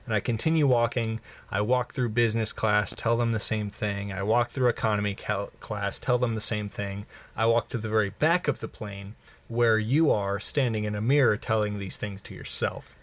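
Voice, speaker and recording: A man's voice: on the low side, steady tone, normal speed, a bit bright, no echo. Laughing man improvising a crude story. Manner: laughs often, joking and crude. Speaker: podcast co-host.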